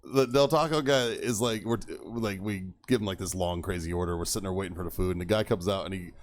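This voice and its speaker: Profane laughing storyteller man, low voice. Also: fast, a little hiss or hum. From Texas. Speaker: podcast co-host. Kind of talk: casual storytelling chat.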